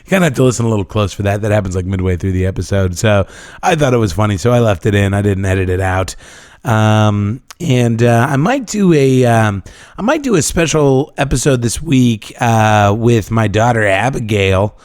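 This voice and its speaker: A man hosting a casual podcast, his voice worn hoarse, rambling with lots of fillers and restarts. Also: on the low side, expressive, normal speed, a little mellow, dry recording, studio quality. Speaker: podcast host. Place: living room.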